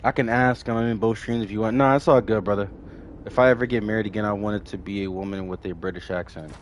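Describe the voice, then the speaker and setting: Male streamer, lowish voice, slangy casual commentary to chat, light background noise. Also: steady tone, quick pace. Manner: slangy, chatty, talks to chat and reacts to the game. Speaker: streamer playing a horror game. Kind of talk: casual live gaming commentary.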